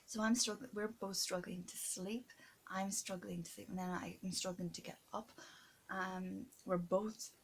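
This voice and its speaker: A woman recording an emotional video diary, earnest and stressed, close to tears, halting often with fillers and restarts and sometimes dropping to a whisper. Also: mid-range voice, level tone, breathy edge. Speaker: vlogger keeping a video diary.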